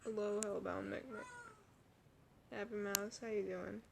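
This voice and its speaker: A woman's voice: medium pitch, steady tone, creaky, background noise. A young woman commenting on a game, hiccuping and out of breath, laughing and gasping often. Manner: laughs a lot, gasping, drawn-out sighs. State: hiccuping, out of breath, chest aching. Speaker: roleplay gamer commenting on a game.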